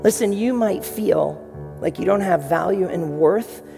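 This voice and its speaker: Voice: medium pitch, a little slow. A preacher delivering an impassioned sermon full of repeated exhortations. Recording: long hall reverb, clear music behind.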